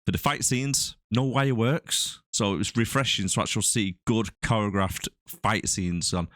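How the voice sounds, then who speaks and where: A man's voice: lowish voice, moderate pace, fairly bright tone, no echo, clean studio sound. A man co-hosting a movie podcast in casual banter, teasing and laughing often. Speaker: podcast co-host.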